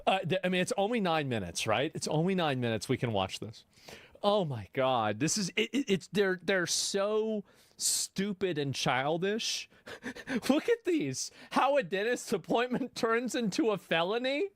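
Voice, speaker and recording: Lively high-voiced male streamer. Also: measured pace, dry recording, studio quality. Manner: animated, exasperated, jokey asides. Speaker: streamer reacting to videos. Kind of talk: casual live-stream reaction.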